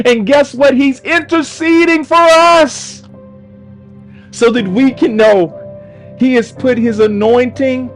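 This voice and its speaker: High-voiced fervent male preacher. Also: poor audio. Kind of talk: sermon. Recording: faint music behind.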